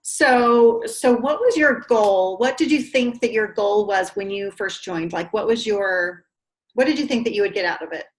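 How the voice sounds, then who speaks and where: A woman leading a team training call, asking questions and offering encouragement with quick asides. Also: mid-range voice, poor audio. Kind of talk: interviewing, coaching.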